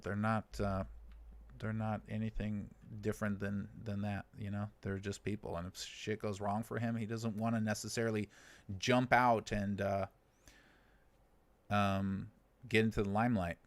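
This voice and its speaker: On his casual livestream, an American host in his thirties who lives in China reads out viewer comments, chuckling and offering dry, sarcastic humor. He speaks at a normal pace in a steady, lowish voice.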